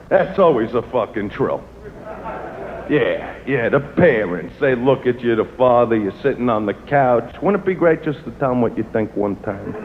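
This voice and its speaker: A man's voice: medium pitch, narrow, tinny audio. A male stand-up comedian doing crude, brash crowd work with a swaggering manner on a stage before a large live audience.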